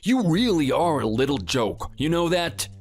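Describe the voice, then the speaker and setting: A boastful muscle-bound bully, voiced by a man in a texting story. He taunts and sneers in a lively, rising and falling voice. Faint music plays under the read. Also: fairly high pitch, normal speed. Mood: taunting. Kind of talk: text-to-speech texting story.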